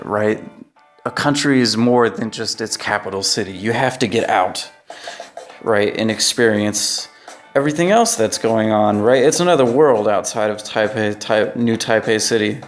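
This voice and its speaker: An American man giving casual travel recommendations in a loose, conversational way, often checking in with "right?". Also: on the low side. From United States. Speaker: vlogger.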